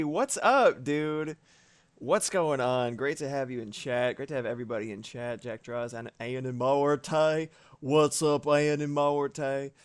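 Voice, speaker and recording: A man's voice: mid-range voice, dry recording. A man streaming live from home, chatting casually with his audience and swearing now and then.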